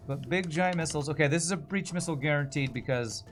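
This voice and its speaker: A man's voice: on the high side, fast, soft background music. A man streaming a strategy game, chatting casually and answering viewers' comments while he plays. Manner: chatty, reads and answers chat while playing.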